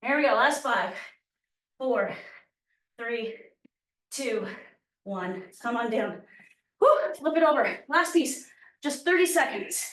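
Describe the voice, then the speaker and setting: A woman's voice: on the high side, animated, slow, long pauses, a bit bright. Breathless woman coaching a workout. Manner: encouraging, counting down reps while exercising. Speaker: fitness instructor. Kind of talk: workout class instruction. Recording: echoey room, voice from far off mic.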